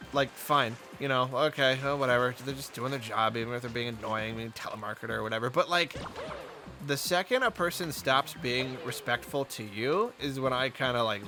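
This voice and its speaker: A man's voice: mid-range voice, pushed and bright. A man telling a rambling, chatty story in casual commentary while he plays a game. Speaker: gaming video host.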